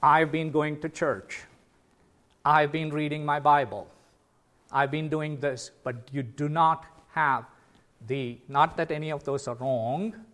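Slow, earnest male preacher. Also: a little high, steady tone. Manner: slow, earnest preaching with sudden loud emphatic calls. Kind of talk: sermon.

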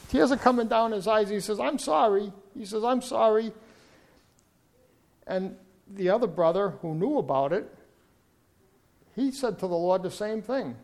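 A male preacher with a notably high, gravelly, slightly mellow voice gives a sermon. He tells his story earnestly and builds to fervent, emphatic appeals.

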